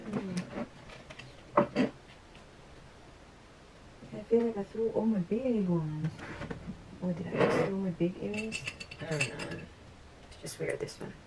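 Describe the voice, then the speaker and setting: A woman's voice: medium pitch, noisy background. A woman vlogger talking casually to camera about her life, reflective and rambling, sometimes dropping to a whisper. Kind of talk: casual vlog talk to camera.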